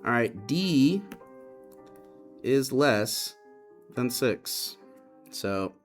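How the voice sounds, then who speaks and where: A man's voice: medium pitch, animated, very slow, faint music behind. A man teaching math, patiently explaining and repeating key points to his students. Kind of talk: classroom lesson explanation.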